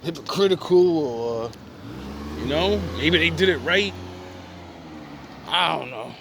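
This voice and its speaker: A man's voice: on the high side, takes it slowly, vocal fry, noisy background. A man ranting casually to camera in profane slang, laughing often between lines and sounding amused and mocking. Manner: animated, mocking. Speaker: vlogger.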